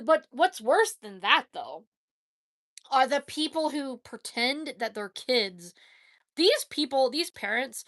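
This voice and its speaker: A woman with a gravelly, sharp, mid-range voice answers viewer questions on a casual live stream, frank and opinionated to the point of bluntness. She uses lots of fillers and often stops to correct herself partway through a sentence. There's no room sound, and the audio is studio quality.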